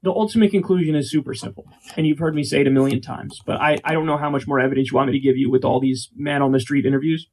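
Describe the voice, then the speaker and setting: Brief: high-pitched male host, sarcastic ranting reaction commentary. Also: steady tone, racing, a little mellow. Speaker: show host reacting to clips. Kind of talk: casual profane commentary.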